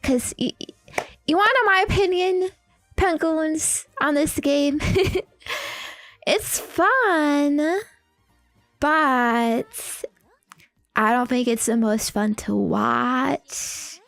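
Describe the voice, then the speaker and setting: A woman's voice: sits high, extremely slow, gravelly, pauses often, a bit bright, dry recording, faint music behind. A woman streaming a game, chatting casually in a playful, giggly, teasing way. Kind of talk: casual live-stream chat.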